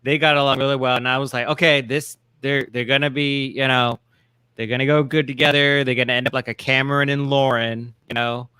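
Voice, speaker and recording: A man's voice: medium pitch, level tone, brisk, bright, forceful tone, clear, resonant tone, no echo. A man co-hosting a casual TV recap chat, rambling with many fillers and restarts. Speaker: co-host.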